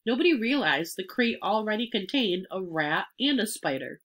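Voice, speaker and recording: A woman reading a children's storybook chapter aloud, expressive and clear. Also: mid-range voice, normal speed. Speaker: reader.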